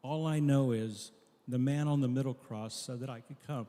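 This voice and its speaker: A man's voice: mid-range voice, moderate pace, warm tone, close to an everyday voice. A pastor voicing a humble, bewildered man who stammers and admits he does not know the answers. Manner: hesitant stammer. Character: bewildered male thief, humble and unsure. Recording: long echo of a large hall.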